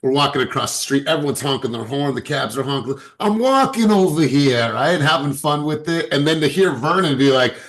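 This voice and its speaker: A man's voice: mid-range voice, steady tone, fairly quick, few pauses, a bit bright. A man, a sales director and coach, giving an emphatic motivational talk to his team and repeating words as he starts sentences.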